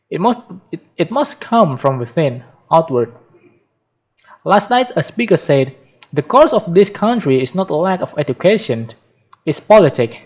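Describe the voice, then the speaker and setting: A man's voice: fairly high pitch, darkish tone. A man reading a book aloud for practice, carefully, with frequent restarts and self-corrections. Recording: dull lo-fi recording.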